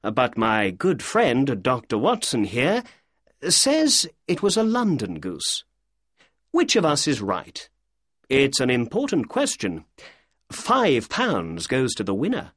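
A man voicing a keen, sharp-witted male detective who asks brisk, polite questions in an audiobook reading. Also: mid-range voice, huge pitch swings, breathy edge, no echo, clean studio sound, exaggerated voice. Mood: inquisitive.

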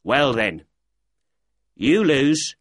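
A man's voice: medium pitch, big pitch swings, drawn-out words, dry recording, studio quality, pitched above the performer's own voice, heavily acted. A man voicing an irritable middle-aged male poultry seller who talks defensively in an audiobook reading. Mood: grumbling.

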